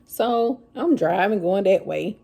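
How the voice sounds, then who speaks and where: A woman telling her own story to viewers in a casual, animated vlog. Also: medium pitch, takes it slowly, creaky, husky. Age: adult with children. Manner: animated, addresses viewers as y'all, Southern US vernacular.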